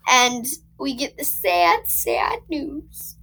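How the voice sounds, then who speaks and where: A woman casually recapping a movie with a co-host, retelling scenes in animated quoted dialogue. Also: high voice, drawn-out words, vocal fry, rough recording. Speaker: podcast co-host.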